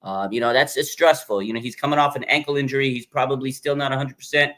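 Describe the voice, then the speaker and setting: Fan-show host, male, mid-range voice; animated live reaction talk, repetitive and filler-heavy. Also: medium pitch, fast talker. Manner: animated, emphatic, repeats himself, frequent fillers.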